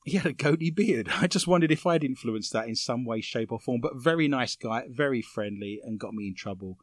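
A man's voice: medium pitch, brisk, no room sound. A man hosting a comedy podcast, reading odd news stories with dry jokey asides. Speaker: podcast host.

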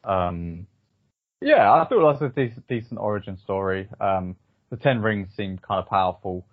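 A low-voiced man with a husky edge talks through a film review in a casual, halting way, filling his pauses with ums. The sound is dry and a little dull, like a modest home podcast setup. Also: animated, dry recording. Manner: hesitant, lots of ums and restarts. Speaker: podcast host.

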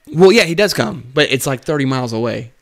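Animated and quick, this man's medium-pitched voice carries his paramedic work stories on a podcast he co-hosts. It's casual banter full of profanity and laughter, with him performing other people's lines.

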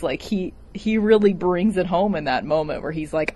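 A woman's voice: on the low side, expressive, moderate pace, few pauses, warm tone. A woman talking casually about a movie she watched, filling her talk with "like" and getting emotional. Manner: chatty, heavy use of "like", emotional. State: tearing up. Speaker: film reviewer. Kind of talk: casual film commentary.

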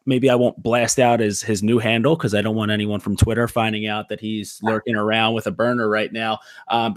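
A man's voice: lowish voice, no room sound, studio quality. A man hosting a casual podcast, reading out a listener question in a loose, joking way. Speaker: podcast host.

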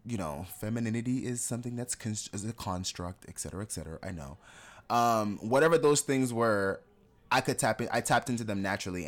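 A young adult man co-hosting a podcast, telling candid personal stories in casual conversation and laughing often. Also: mid-range voice. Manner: candid, laughs often, animated when acting out others. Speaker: podcast co-host.

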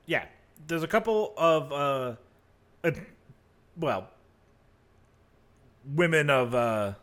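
A man's voice: a little high, very animated, slow pace, fairly bright tone. A man running a tabletop game as game master, narrating casually with many fillers and restarts. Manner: casual, rambling, full of fillers.

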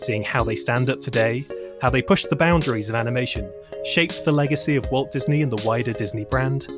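A man's voice: mid-range voice, fairly quick, over music. A young man hosting a podcast, speaking in a playful, jokey way. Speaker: podcast host. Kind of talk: podcast chat with scripted intro.

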